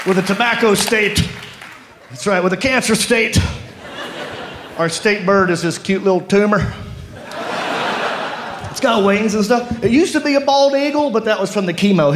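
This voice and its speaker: A man's voice: high voice, noisy background. A man with a Southern accent from North Carolina doing a self-mocking stand-up comedy set on stage. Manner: drawling, self-mocking punchlines. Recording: roomy club with audience laughter. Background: audience laughing.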